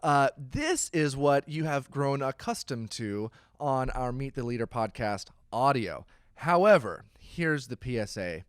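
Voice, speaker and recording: A man's voice: medium pitch, big pitch swings, measured pace, clear, resonant tone, dry recording. A man hosting a church podcast, talking in a chatty, playful, self-deprecating way. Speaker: podcast host. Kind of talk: casual church podcast intro. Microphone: close studio microphone.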